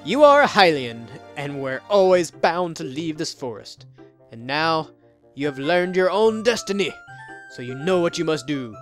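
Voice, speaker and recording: A man's voice: a little high, very animated, moderate pace, fairly bright tone, soft background music. A man doing a chirpy little tree sprout. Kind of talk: playful voice reading of game text.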